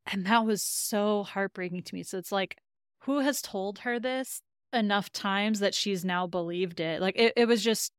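A woman's voice: medium pitch, moderate pace, clean tone, no echo, clean studio sound. A woman co-hosting a podcast, casually recapping an episode and retelling scenes in quoted lines. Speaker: podcast co-host.

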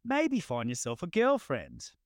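A woman's voice: low voice, huge pitch swings, unhurried, no echo, studio quality, full character voice. A man reading aloud the lines of a condescending middle-aged woman relative, in a slightly raised, read-aloud delivery. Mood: snide.

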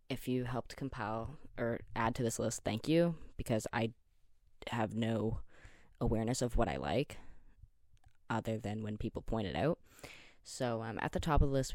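A Canadian man in his twenties, medium-pitched with a darkish tone, talks solo into the mic for his podcast, tired yet still chatty. He rambles, cuts himself off, and fills pauses with likes and ums, perking up when his favorite superheroes come up. The recording is dry and close, with no room sound at all.

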